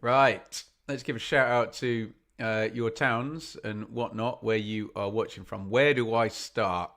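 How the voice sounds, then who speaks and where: A man's voice: medium pitch, slow, hardly any pauses, fairly bright tone. Chatty man hosting a live football stream. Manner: chatty, self-deprecating, reads out chat messages. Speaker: football fan watch-along host. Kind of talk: live stream chat with viewers.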